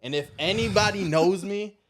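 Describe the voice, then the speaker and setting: A man from Chicago with a Chicago accent, hosting a casual podcast chat in a blunt, profane, animated way. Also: sits high, moderate pace. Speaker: podcast host.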